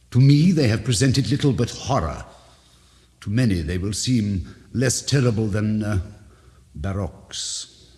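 Lively, theatrical man reading a tale. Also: on the low side. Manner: intense, theatrical, with sudden rises and drops. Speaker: reader of a story. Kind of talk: dramatic first-person story reading. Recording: old record with long reverb.

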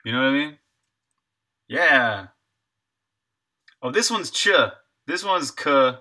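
A man talks through his work on a live stream in an easy, rambling way, answering viewers and laughing lightly as he goes. His voice sits at an ordinary pitch for a man. Its tone is strikingly bright and keen. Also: animated, slow pace. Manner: thinks aloud, answers chat, chuckles often. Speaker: indie game developer streaming. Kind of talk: casual live-stream chat while working.

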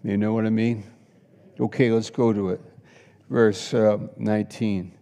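A man pastor preaching a sermon with passion, swinging between loud exclamations and hushed asides. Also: lowish voice, flat delivery, measured pace. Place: church sanctuary. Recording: long hall reverb.

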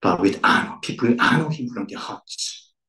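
A man's voice: mid-range voice, animated, normal speed, pushed and bright. A man preaching a sermon as pastor, emphatic, repeating key words with rising stress. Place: church centre. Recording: echoey room, voice from far off.

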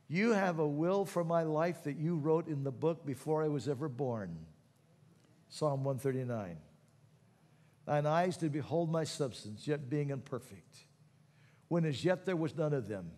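A man preaching a sermon, moving between quiet teaching and loud, fervent calls to prayer. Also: fairly high pitch, lively intonation, a little slow, long reverb tail. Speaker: pastor.

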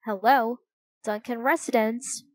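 A woman's voice: a little high, steady tone, measured pace, no room sound, natural voice. Woman reading as Dink, an eager young boy. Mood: earnest. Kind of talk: storybook reading.

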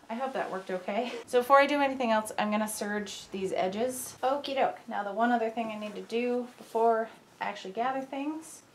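A woman's voice: medium pitch, a bit bright, a little hiss or hum. A young woman talks through a sewing project in a casual, rambling way. She keeps cracking jokes at her own expense. She is recording on a camera mic in a costume workshop. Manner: chatty, self-mocking, rambling asides. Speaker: sewing vlogger. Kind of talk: casual tutorial chat.

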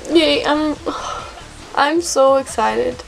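A young woman vlogging as an excited K-pop fan, gushing and repeating words for emphasis. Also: high-pitched, very slow, gravelly. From Netherlands. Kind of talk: excited casual vlog. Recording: faint music behind voice.

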